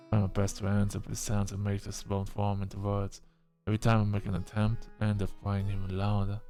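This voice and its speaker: A man narrating a visual novel in a plain, even reading voice. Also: lowish voice, fairly quick, smooth, soft background music. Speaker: game narrator.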